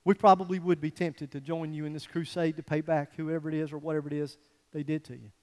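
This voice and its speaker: Guy pastor preaching, chatty and lively, talks right to the crowd, big echoey church sound. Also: fairly high pitch, fast talker. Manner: conversational, animated, folksy preaching with asides to the congregation. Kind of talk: sermon.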